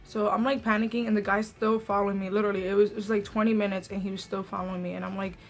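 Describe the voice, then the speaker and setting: A woman's voice: medium pitch, level tone, racing, faint music behind. A young woman vlogger telling a story in casual, chatty talk, full of "like" fillers.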